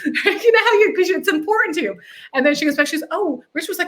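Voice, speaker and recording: A woman hosting a casual interview, telling stories in a lively way and acting out what people said. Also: sits high, rapid-fire. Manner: animated storyteller, acts out quotes. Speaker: host.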